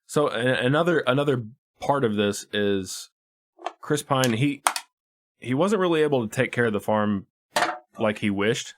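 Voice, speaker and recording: Talking movies on a casual podcast he co-hosts, a man speaks a little slowly in a medium pitch with an expressive delivery. He's laid-back and profane and tends to restart his sentences.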